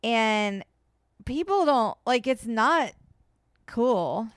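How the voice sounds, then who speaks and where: A woman's voice: on the high side, animated, drawn-out words, clear, resonant tone, no echo, clean studio sound. A woman co-hosting a podcast at home, chatting animatedly with lots of fillers. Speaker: podcast co-host. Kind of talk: casual chat. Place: home, indoors.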